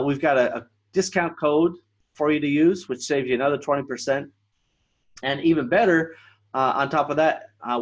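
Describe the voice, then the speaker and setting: A man's voice: mid-range voice, muffled recording. A man hosting his podcast alone, talking casually with lots of fillers and restarts. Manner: rambling, many fillers and restarts. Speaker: podcast host. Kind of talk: casual solo podcast monologue.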